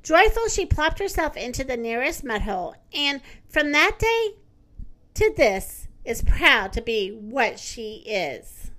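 A woman reading a children's story aloud in a gentle, expressive manner. Her voice is high and bright. She takes her time, with lots of melody in each line. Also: takes it slowly.

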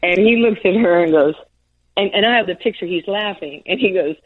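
A woman's voice: medium pitch, a little fast, breathy edge. A woman in her sixties from New York, a former basketball player, telling stories in an interview, laughing often and acting out the voices of the people she quotes. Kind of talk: storytelling interview. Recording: tinny phone-line sound.

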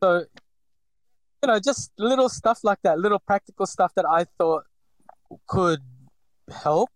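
A man's voice: sits high, expressive, measured pace, dry recording, rough recording. Hesitant man with a slight Filipino accent. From Philippines. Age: 40s. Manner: hesitant, many fillers and restarts. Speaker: interviewee. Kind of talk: reflective personal interview.

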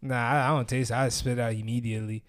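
A man's voice: medium pitch, level tone, rapid-fire, clean tone. A young man hosting a podcast, telling stories in casual chat with lots of slang and frequent laughter. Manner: loose slang-heavy storytelling, laughs often. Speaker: podcast host.

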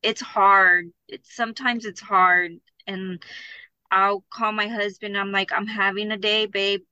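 A woman's voice: medium pitch, level tone, unhurried, pushed and bright, clear, resonant tone, no room sound, lo-fi sound. A woman guest on a podcast telling her personal story in an open, heartfelt way, sometimes close to tears. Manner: open, tearful at times, speaks from the heart. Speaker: guest, abuse survivor and book subject.

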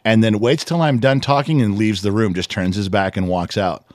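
A middle-aged man co-hosting a casual podcast, telling a family story with lively, animated delivery and acting out what others said. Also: fairly low pitch, normal speed, dry recording. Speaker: podcast co-host. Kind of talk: casual chat.

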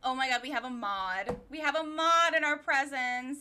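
Brief: young woman, podcast co-host, high voice, sarcastic animated recaps. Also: moderate pace. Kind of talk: casual comedic rewatch chat.

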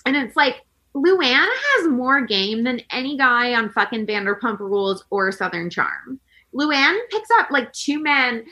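A woman's voice: a little high, animated, unhurried, bright, forceful tone. A woman in her thirties hosting a podcast, telling a story in casual chat with lots of "like" and acted-out quotes. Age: 30s. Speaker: podcast host.

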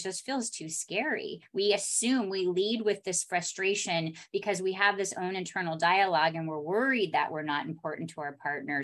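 A woman talking as a relationship expert on a podcast, calm and explanatory, acting out bits of example dialogue. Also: mid-range voice. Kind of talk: podcast conversation.

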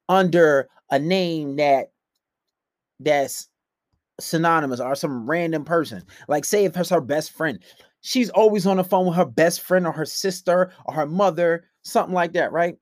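A man giving blunt, profane dating advice in a casual monologue, swinging between loud outbursts and low mutters. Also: no echo, studio quality.

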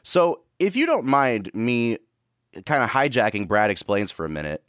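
A man's voice: medium pitch, sing-song, normal speed, a bit bright, no echo, clean studio sound. A man co-hosting a film podcast, talking in an earnest, reflective way with frequent restarts. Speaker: podcast co-host. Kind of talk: casual film review chat.

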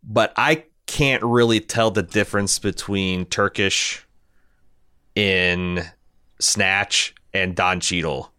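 Man, thirties, low pitch, bright forceful tone, dry close sound, rambling casual movie chat. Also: slow, smooth, no echo. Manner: rambling, animated, profane. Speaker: podcast co-host.

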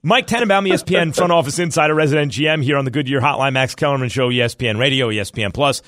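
A man hosting a sports radio show, talking football in a jokey, animated way. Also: no room sound, clean studio sound. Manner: animated, jokey, rapid swings in pitch.

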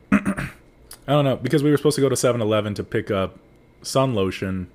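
A man's voice: mid-range voice, brisk, darkish tone. Rambling young man telling a story. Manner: rambling, many likes and restarts, laughs often. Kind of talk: casual chat, storytelling.

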